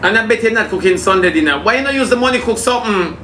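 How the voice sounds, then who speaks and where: A man with a Jamaican accent hosting a loud, teasing live chat in patois with a flamboyant manner. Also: sits high, expressive, racing. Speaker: TikTok live host. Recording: echoey room with loud background noise.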